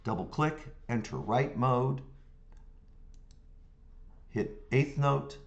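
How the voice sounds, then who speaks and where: A man teaching music notation software step by step, humming rhythms as syllables and checking in with the viewer as he works. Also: mid-range voice, drawn-out words, gravelly, lo-fi sound. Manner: talks through clicks step by step, hums rhythms as syllables. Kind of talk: screen-recorded software tutorial.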